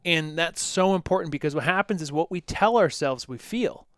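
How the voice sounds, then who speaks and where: Animated male fitness coach, dry close mic. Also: fairly high pitch, normal speed, dry recording. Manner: animated, acts out quotes in lively voices. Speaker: fitness coach and podcast co-host. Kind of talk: casual podcast conversation.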